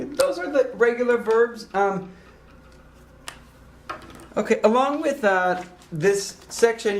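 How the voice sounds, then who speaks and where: A man teaching a recorded grammar lesson, explaining slowly and deliberately with frequent ums and uhs. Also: high voice, reverberant, slight background noise. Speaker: Spanish teacher.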